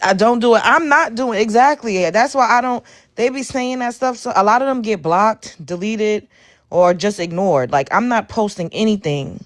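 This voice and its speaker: A blunt, animated woman from Brooklyn. She hosts a livestream and talks straight to her chat. She is frank and outspoken. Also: medium pitch, normal speed. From Brooklyn, New York. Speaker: livestream host. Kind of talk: casual livestream talk.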